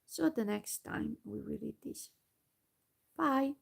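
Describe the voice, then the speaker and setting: A woman reading a storybook aloud in soft whispered storytelling, unhurried and sometimes stumbling on words. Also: on the high side, gravelly, breathy edge. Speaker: ASMR storyteller.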